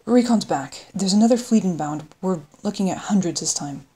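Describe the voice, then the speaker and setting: A woman's voice: lowish voice, animated, normal speed, mellow, slightly rough. A woman narrator voicing a no-nonsense female officer giving a clipped briefing. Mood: brisk.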